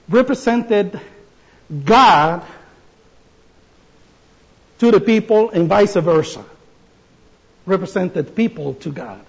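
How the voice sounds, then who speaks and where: Man preaching slowly, high voice, husky tone, dull lo-fi recording. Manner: slow, deliberate delivery with pauses and restarts. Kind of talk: sermon.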